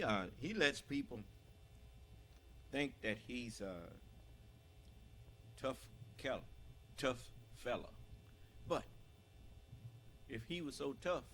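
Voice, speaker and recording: A man preaches with loud fervor, his mid-range voice climbing into shouts as he presses his points. He stops to clear his throat here and there. A faint hiss of noise runs under the recording. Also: mid-range voice. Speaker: religious leader. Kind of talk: preaching broadcast.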